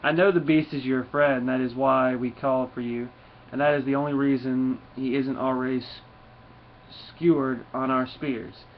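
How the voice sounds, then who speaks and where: A man's voice: medium pitch, steady tone, normal speed, natural voice. A man voicing an earnest, deferential female Viking warrior in formal speech, with dull lo-fi sound and faint noise.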